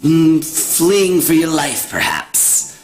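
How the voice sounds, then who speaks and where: A man's voice: on the high side, big pitch swings, slow, voice pushed up, low-quality recording. A man voicing a cruel, scheming old female hag who mocks and taunts with cackles. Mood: mocking.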